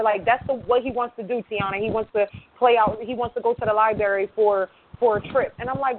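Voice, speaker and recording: A woman with a slightly high voice speaks earnestly in a casual radio conversation and tells stories with quoted dialogue. Her voice comes through a tinny phone line with faint noise behind it. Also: fast talker, few pauses.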